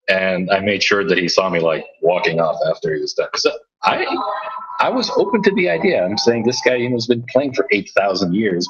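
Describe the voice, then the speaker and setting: A man's voice: lowish voice, fairly bright tone, highs cut off. A man, a DJ, telling a story in casual chat, rambling and restarting his sentences often. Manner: rambling with many restarts and stammers. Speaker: DJ and podcast host.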